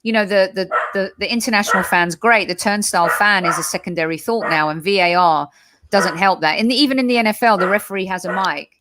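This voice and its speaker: A woman from England chatting on a football podcast, telling stories in an animated, chatty way. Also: medium pitch, fast, very noisy. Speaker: podcast guest. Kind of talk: casual podcast chat.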